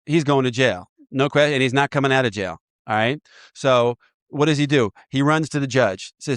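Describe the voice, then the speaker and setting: A man sponsoring in a recovery program, walking a listener through an inventory in a lively, joking way with frequent laughter. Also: medium pitch, moderate pace, clear, resonant tone, no echo, clean studio sound. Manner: animated, laughs often, acts out voices. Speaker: AA sponsor guiding a step inventory. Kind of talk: casual teaching talk.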